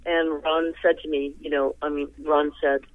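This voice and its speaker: Animated storyteller on a tinny phone line. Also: male voice, normal speed, no room sound. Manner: animated, rambling, jumps to high pitch in quoted reactions. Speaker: interview guest, singer. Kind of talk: casual storytelling.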